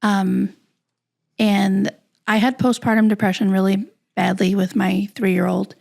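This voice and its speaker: A woman guest on a podcast, telling a personal story in a halting, candid, soft-spoken way. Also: mid-range voice, level tone, vocal fry.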